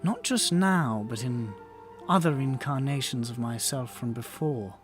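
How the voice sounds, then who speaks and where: A game master voicing Queen Titania, a regal, weary fairy queen who speaks in a slow, measured, dry way. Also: mid-range voice, lively intonation, over music, voice pushed down, close to an everyday voice.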